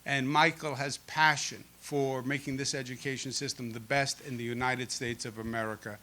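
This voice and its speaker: A man's voice: mid-range voice, little pitch movement, moderate pace, sharp tone, a little hiss or hum. A man in his fifties with a Queens New York accent, giving a folksy, joking public speech as governor at a school event. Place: school event before an audience.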